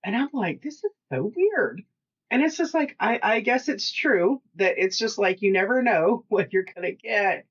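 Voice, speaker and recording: A woman's voice: medium pitch, normal speed, hardly any pauses. A woman co-hosting a podcast in casual chat, rambling from topic to topic with frequent laughs and restarts. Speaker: podcast co-host. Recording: dull lo-fi podcast audio.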